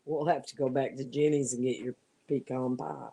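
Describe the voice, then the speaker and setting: A woman's voice: very deep voice, steady tone, normal speed, gravelly, dark tone, slightly rough, poor audio. A middle-aged woman chatting casually from home while crafting, easygoing and laughing as she talks. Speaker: live stream guest.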